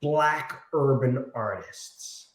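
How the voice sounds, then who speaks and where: Man putting on a hushed American label exec. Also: mid-range voice, drawn-out words, echoey room, pitched below the performer's own voice. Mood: smooth, evasive. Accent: put-on American. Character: male American record label executive, smooth and evasive.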